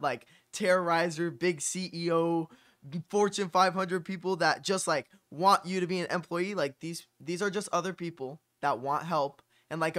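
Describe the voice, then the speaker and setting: Young male host, bright and a touch high, loose casual talker full of "like" and "bro". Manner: loose, says "like" and "bro" constantly. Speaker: copywriting channel host. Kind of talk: casual chat.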